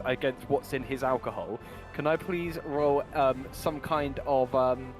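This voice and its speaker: A man's voice: medium pitch, a little slow, music in the background. A man playing in a tabletop game, rambling with many restarts. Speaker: player.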